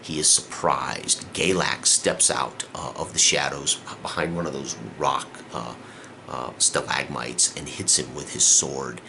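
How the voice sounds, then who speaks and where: Game master recap: man, very deep gravelly voice, rambling delivery full of fillers, faint hiss on the recording. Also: fairly even intonation, a little slow. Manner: rambling, with many fillers and restarts. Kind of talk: casual tabletop game recap.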